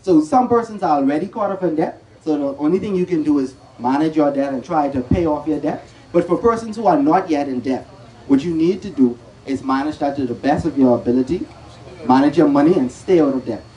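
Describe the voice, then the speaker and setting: A man's voice: on the high side, brisk, mellow, muffled recording. A man giving a financial talk, asking rhetorical questions and restarting his sentences often. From Bahamas. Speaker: presenter at a credit union talk.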